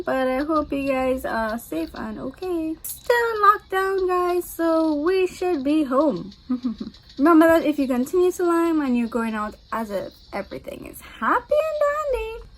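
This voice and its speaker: A woman's voice: high-pitched, low-quality recording. A woman, a dietitian chatting casually in a vlog from her home kitchen, bubbly and giggly. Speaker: dietitian vlogger.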